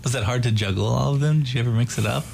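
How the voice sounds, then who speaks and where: A man in his thirties hosting a casual interview, asking questions in a relaxed way. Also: mid-range voice, very fast, creaky, slight background noise. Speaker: interview host.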